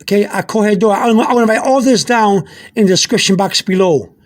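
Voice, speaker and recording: Man, high voice, halting teacher, lots of "uh" and repeats, informal lesson. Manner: halting, repeats words, many fillers. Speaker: language teacher. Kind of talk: casual explanatory lesson.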